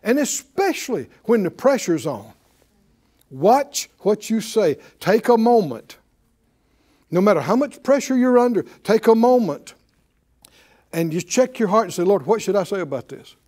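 A man preaching a sermon, asking the congregation rhetorical questions and swinging between loud emphasis and hushed asides. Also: high-pitched, sing-song, measured pace, pauses often. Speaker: pastor.

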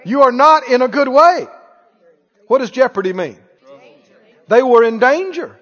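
A man preaching a sermon, animated, asking the congregation questions and acting out scenes. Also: very high-pitched, unhurried. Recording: reverberant church hall, dull lo-fi sound.

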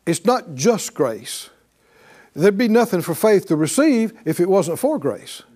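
A male pastor preaching a sermon, animated and calling on the congregation to answer back, often laughing. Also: high-pitched, a little slow.

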